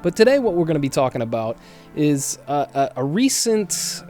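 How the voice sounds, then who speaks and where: A man hosting his own commentary video, talking haltingly with fillers and the odd sigh. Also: on the high side, sing-song, dark tone, faint music behind. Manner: hesitant, with fillers and sighs. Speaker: YouTube commentator.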